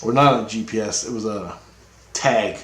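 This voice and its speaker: A man's voice: fairly low pitch, moderate pace, roomy sound. A man telling a rambling personal story in a casual, profane way, laughing often as he talks.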